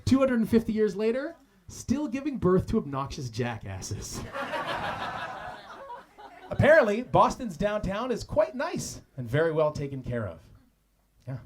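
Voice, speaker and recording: A man's voice: sits high, huge pitch swings, unhurried, pauses often. A man from Canada doing stand-up roast insults on a comedy club stage, with crude, mocking punchlines. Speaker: roast battle comic. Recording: noisy live club recording.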